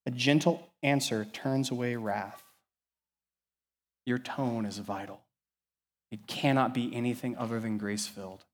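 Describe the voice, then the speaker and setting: A man preaching a sermon as pastor, animated and conversational, swinging between soft asides and loud emphasis. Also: mid-range voice, unhurried, pauses often. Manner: animated, varies loudness widely, conversational asides.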